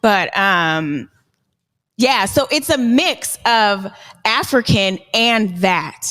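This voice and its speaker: A woman talks slowly in a casual podcast chat, searching for words and trailing off mid-thought. Her voice carries a long reverb tail. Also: medium pitch, animated, a bit bright. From US Northwest. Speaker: podcast co-host. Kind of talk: casual discussion.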